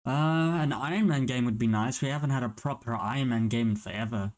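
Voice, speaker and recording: A man's voice: mid-range voice, fairly quick, a little mellow. A man hosting a reaction video, chatting casually and rambling, with the odd swear. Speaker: reaction channel host.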